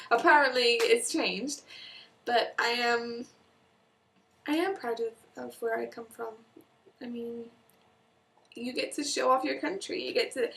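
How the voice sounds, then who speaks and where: A young Welsh woman talks casually to camera, her voice sitting a little high. She chats on, slipping into quick quoted asides and restarting her sentences as she goes. She sounds slightly distant from the microphone. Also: vocal fry, a bit bright. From Wales. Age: young adult. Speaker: vlogger. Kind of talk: casual vlog monologue.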